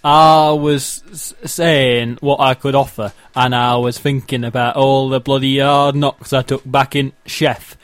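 Gruff sporty bloke, rambling and boastful, dry close recording, played by a man. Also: mid-range voice, level tone, measured pace, few pauses, dry recording, lightly acted. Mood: grumbling.

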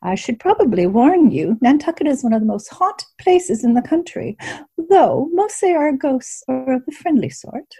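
A woman's voice: high voice, big pitch swings, moderate pace, dark tone, slightly rough, voice pushed up, exaggerated voice. A woman voicing an older woman innkeeper who speaks in a proper, precise way, in a storybook reading. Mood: gracious.

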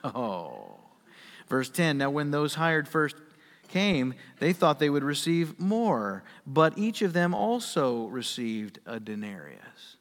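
Animated high-voiced male preacher. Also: slow, big-room sound. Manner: animated, acts out quoted voices, folksy asides. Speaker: pastor. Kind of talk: sermon.

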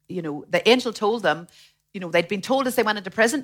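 A woman preaching a sermon in a lively way, acting out the voices of the people she quotes. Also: mid-range voice, fast talker. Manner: animated, acts out quoted voices.

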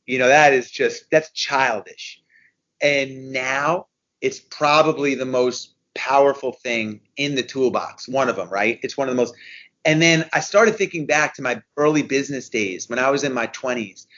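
Male guest, fifties, lively storyteller, middle pitch, dull recording. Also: moderate pace. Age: 50s. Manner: animated storyteller, repeats himself, restarts. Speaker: guest, endurance racer. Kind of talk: casual podcast conversation.

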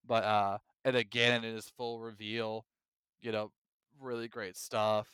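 A man co-hosting a casual gaming podcast, talking with excited energy and now and then acting out his own reactions. His voice is bright and crisp, with a dry close-mic sound. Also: on the low side, unhurried, no echo. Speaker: podcast co-host. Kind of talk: casual chat.

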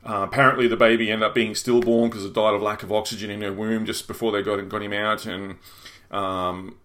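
A man's voice: on the low side, little pitch movement, a bit bright. Rambling man telling a strange story. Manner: rambling, halting with restarts and fillers. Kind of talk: casual storytelling chat.

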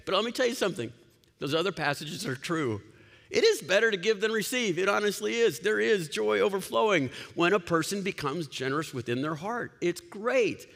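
A man preaching a sermon as a pastor, playful and joking, with bursts of loud mock commands. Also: high voice, brisk, gravelly. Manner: lively, laughing, playful asides and sudden loud commands. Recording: long hall reverb.

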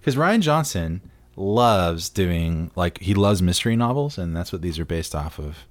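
A man's voice: deep voice, expressive, measured pace, no echo. A man co-hosting a film podcast, talking in an eager, rambling way full of "like" and "you know.". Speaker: podcast co-host. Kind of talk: casual movie chat.

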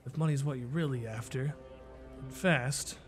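A man voicing a curt, gravelly woman who runs a criminal guild in a tabletop game, speaking low and businesslike. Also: normal speed, soft background music, close to an everyday voice. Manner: terse and businesslike, low and hushed. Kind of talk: tabletop role-play character voice.

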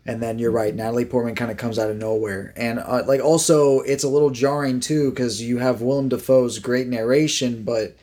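A man's voice: medium pitch, flat delivery, moderate pace, few pauses, a little mellow. A man co-hosting a podcast, talking in a rambling, hesitant way with many restarts. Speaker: podcast co-host. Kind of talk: casual chat.

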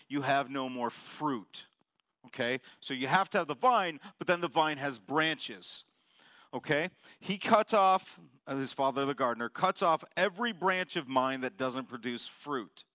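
A man's voice: fairly high pitch, sharp tone, dry recording, studio quality. A man in his forties preaching a sermon in a conversational way, joking with the congregation and firing off emphatic questions. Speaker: pastor.

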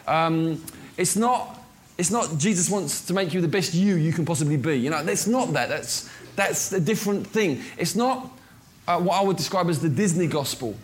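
A man preaching in a relaxed, conversational way, often pausing with ums and restarting his sentences. His voice sits high for a man. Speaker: pastor. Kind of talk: sermon.

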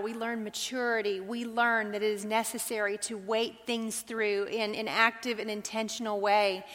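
A woman's voice: medium pitch, fairly bright tone. Woman teaching a Bible study in a hall. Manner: earnest, asks the group questions. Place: large hall with a group. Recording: long hall reverb.

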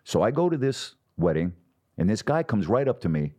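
A man's voice: fairly low pitch, normal speed. A middle-aged man, a sports broadcaster, telling stories from his career in a podcast interview, acting out the people he quotes. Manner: animated storyteller, acts out quotes.

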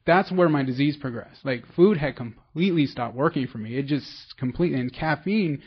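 A man's voice: a little high, fairly quick, breathy edge, lo-fi sound. A man from the San Francisco Bay Area telling his recovery story in a rambling, self-deprecating way, with many restarts. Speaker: recovery meeting speaker. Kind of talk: personal testimony.

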